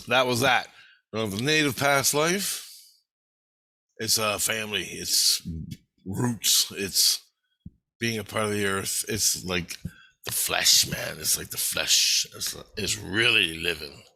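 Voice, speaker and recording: A man with a low, creaky, husky voice and a sharp tone speaks with no echo. As a channel host, he delivers a casual, blunt monologue that rambles with restarts and is loaded with swearing.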